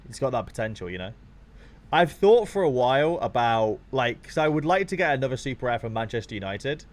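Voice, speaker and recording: A young man chatting casually to his viewers on a live stream while watching football, swearing freely and getting excited. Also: medium pitch, a little fast.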